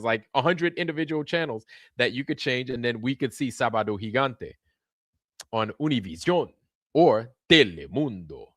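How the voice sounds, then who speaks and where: A man's voice: medium pitch, expressive, normal speed, no room sound. A man hosting a casual livestream, rambling and repeating words while checking in with viewers. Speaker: livestream host.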